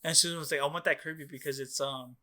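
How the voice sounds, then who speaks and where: A man's voice: fairly high pitch, fairly even intonation, fast talker, bright, forceful tone. A young man co-hosting a podcast, telling a long story in casual, rambling chat, swearing often and filling his talk with "like" and "dude". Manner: rambling, profane, many "like"s and "dude"s. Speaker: podcast co-host.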